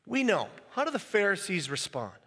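Bright-voiced male preacher in a hall. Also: high voice, moderate pace, husky. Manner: animated, acts out quoted voices. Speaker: pastor. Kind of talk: sermon.

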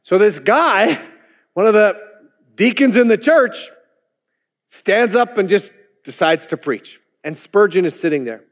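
A pastor delivers a sermon in a loose, chatty way, breaking off for wry asides and little laughs. His voice is fairly high for a man. The room gives it a long, lingering reverb. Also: expressive, a little slow. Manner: conversational, with chuckling asides.

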